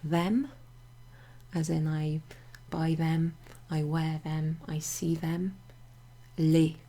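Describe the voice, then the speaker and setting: Husky, gravelly woman teaching French grammar. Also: low voice, fairly even intonation, extremely slow, dark tone. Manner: chatty, with many fillers and asides. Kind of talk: casual explanatory lesson. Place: home near a greenhouse.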